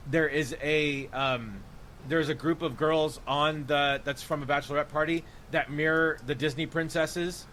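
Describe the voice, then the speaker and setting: A man's voice: a little high, fairly bright tone, a little hiss or hum. A man on a podcast in casual chat, enthusing about a film with rambling restarts. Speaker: podcast co-host.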